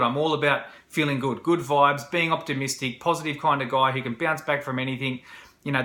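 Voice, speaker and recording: Bright-voiced man telling his story. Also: a little high. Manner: casual, rambling, with frequent fillers and restarts. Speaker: vlogger. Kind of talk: candid personal storytelling to camera. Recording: roomy echo.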